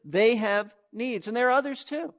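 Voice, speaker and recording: High-voiced man preaching earnestly. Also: normal speed. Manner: earnest, emphatic teaching with frequent restarts. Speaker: pastor. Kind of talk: sermon.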